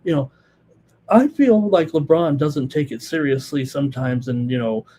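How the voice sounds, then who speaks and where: Fast-talking male betting show host. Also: a little high, warm tone. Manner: fast-talking, many fillers like uh and you know. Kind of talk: live betting analysis, reading chat comments.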